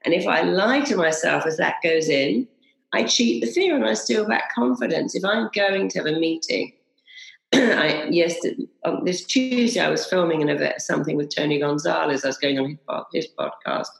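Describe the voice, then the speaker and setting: A woman with a lowish, gravelly voice talks emphatically, repeating slogans and acting out the voices in her head. Her voice rings a little in an echoey room. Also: animated, moderate pace. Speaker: hypnotherapy trainer, guest. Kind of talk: animated interview storytelling.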